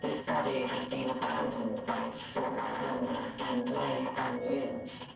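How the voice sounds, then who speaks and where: An actor playing a calm, detached male android in a game cutscene, speaking in a formal, measured way with a processed robotic timbre. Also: mid-range voice, gravelly, exaggerated voice. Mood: calm recounting. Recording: echoey, distant robot voice under loud music.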